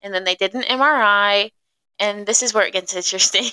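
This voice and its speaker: A woman's voice: mid-range voice, a little fast, bright, forceful tone, clean tone, rough recording. A young woman co-hosting a podcast, chatty and teasing as she fills in details of the story. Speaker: podcast co-host. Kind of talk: casual chat.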